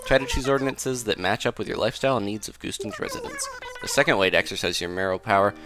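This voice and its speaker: A man voicing a cheerful, eager female dog secretary from a video game, talking brightly and fast over background music. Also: lowish voice, huge pitch swings.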